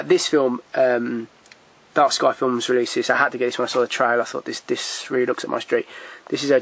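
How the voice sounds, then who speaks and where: A man's voice: medium pitch, fairly bright tone. A man casually chatting about films he has bought, rambling with frequent restarts and stammered repeats, blunt and given to swearing and chuckling. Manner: blunt, swears, chuckles at his own stories. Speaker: video collector reviewing his purchases. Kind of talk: casual film chat.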